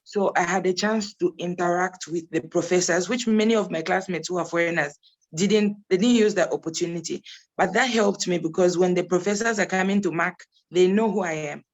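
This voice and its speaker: A woman's voice: fairly low pitch, brisk, darkish tone. Chatty young woman telling her story. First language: English. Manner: chatty, storytelling, laughs often. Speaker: graduate guest. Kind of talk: casual Q&A answering questions.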